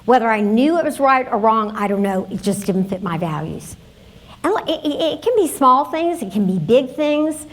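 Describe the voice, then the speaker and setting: A woman with a fairly high, expressive voice speaks at a moderate pace. She's a conference presenter giving a workshop talk, telling stories conversationally and speaking directly to the audience.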